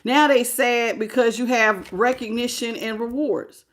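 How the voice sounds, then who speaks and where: Tarot reader, woman, higher voice, chatty livestream host reading cards. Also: a little slow. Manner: casual, animated, greets live chat.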